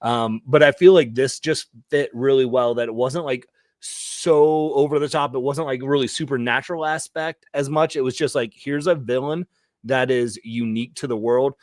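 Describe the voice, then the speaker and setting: A man's voice: mid-range voice, normal speed, a little mellow, no room sound, clean studio sound. A man on a discussion panel, talking in a rambling way full of fillers. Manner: rambling, lots of "like" and "you know". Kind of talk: casual panel chat.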